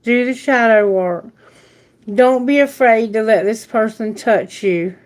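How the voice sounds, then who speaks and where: Slow-talking woman tarot reader. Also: fairly high pitch, a little mellow. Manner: affectionate, rambling, baby talk to pets. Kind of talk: casual live-stream chat.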